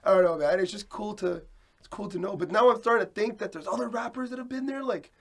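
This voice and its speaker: A man's voice: high voice, fast talker, creaky, fairly bright tone. A man cohosting a podcast in casual chat, telling a rambling story loosely.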